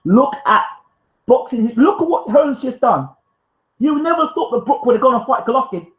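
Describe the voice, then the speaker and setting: A man's voice: extremely high pitch, animated, normal speed, fairly bright tone, echoey room, poor audio. A man hosting a live stream, reading out viewer comments and arguing back in a fiery, defensive, emphatic way. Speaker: live show host.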